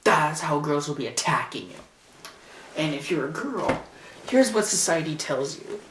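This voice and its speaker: A man's voice: fairly high pitch, lively intonation, a little slow, roomy sound, recorded from a distance, background noise. A teenage boy ranting sarcastically and indignantly into a camcorder in his bedroom. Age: teens. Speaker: vlogger. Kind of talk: ranting vlog. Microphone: camcorder mic.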